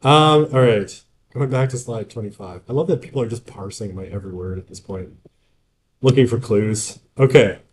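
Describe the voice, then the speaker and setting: A man's voice: lowish voice, moderate pace, slight background noise. Chatty male lecturer, asks "right?" often. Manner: chatty, keeps checking in with the class by asking "right?"; joking asides. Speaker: university lecturer. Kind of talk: casual university lecture. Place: classroom.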